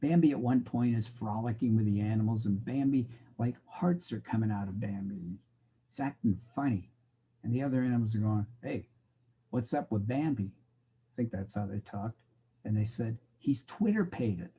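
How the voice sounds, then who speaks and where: A man's voice: on the low side, moderate pace, dark tone, slightly rough. A middle-aged man lecturing a college class in a wry, joking way. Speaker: college instructor. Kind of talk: recorded lecture.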